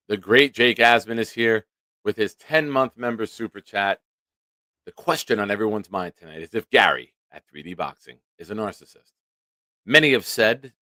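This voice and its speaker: A man with a low-pitched voice hosts a casual sports livestream. His sound is dry and close to the mic, and his talk is loose, profane, and quick to laugh. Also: animated, pushed and bright, dry recording. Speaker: livestream sports show host. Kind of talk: casual live-stream chat, reading viewer comments.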